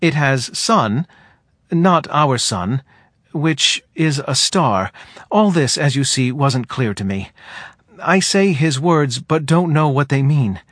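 A man voicing a soft-spoken male forest being who talks in a quiet, hesitant, almost drowsy way. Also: a little high, lively intonation, slow pace, no echo, heavily acted. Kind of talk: audiobook character voice.

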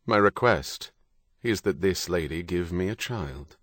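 A man reading aloud voices an older admiral who speaks in a measured, formal way. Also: low-pitched, animated, a bit bright, no room sound, clean studio sound, exaggerated voice.

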